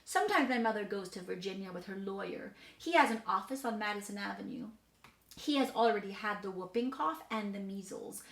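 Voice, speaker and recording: Here a woman reads as a cheeky six-year-old hotel resident, her mid-range voice animated, fairly quick and fairly bright. The monologue is playful, chatty, boastful and matter-of-fact, a dramatic reading of a storybook character captured with roomy echo.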